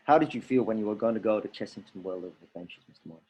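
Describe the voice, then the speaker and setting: A man leading a drama workshop for teachers, coaching lively and demonstrating vocal warm-up drills. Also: on the low side, very fast.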